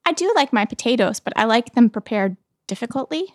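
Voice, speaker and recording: A woman's voice: on the high side, animated, a little fast, dry recording, clean studio sound. A woman in her thirties from Canada, telling stories in casual chat and laughing often. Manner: laughs often, chatty storytelling.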